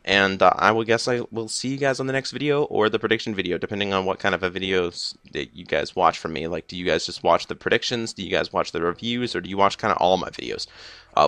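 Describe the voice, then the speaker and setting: A man's voice: on the low side, a bit bright, no room sound. A young man giving a casual TV episode review, rambling with lots of fillers, a little groggy and slurring as if he just woke up. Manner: rambling, filler-heavy with many "like" and "uh".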